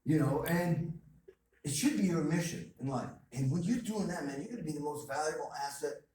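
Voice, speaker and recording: A man delivers an emphatic, story-filled motivational talk, hammering home short repeated phrases. His voice sits a little high for a man. It is picked up from far off in a very echoey hall with faint background noise. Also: brisk, mellow. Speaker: guest speaker. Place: college lecture hall.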